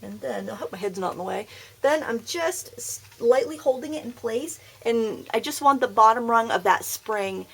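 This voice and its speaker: A woman's voice: fairly high pitch, lively intonation, normal speed, creaky, a bit bright, slightly rough. A woman hosting a casual craft tutorial at her craft table, chatty, upbeat and self-deprecating. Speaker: craft video host.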